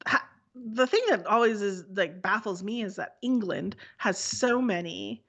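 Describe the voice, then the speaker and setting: A woman's voice: mid-range voice, a little slow. A woman co-hosting a podcast, chatting casually with a rambling manner. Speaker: podcast co-host. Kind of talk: casual chat.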